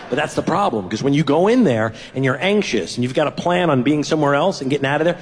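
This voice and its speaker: A man's voice: mid-range voice, fast, long reverb tail, a little hiss or hum. A man doing a self-deprecating stand-up routine, telling family stories and acting out the dialogue. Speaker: stand-up comedian.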